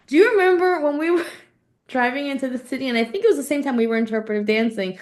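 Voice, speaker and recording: A young woman co-hosting a podcast in casual chat, animated and quick to laugh. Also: high voice. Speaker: podcast co-host.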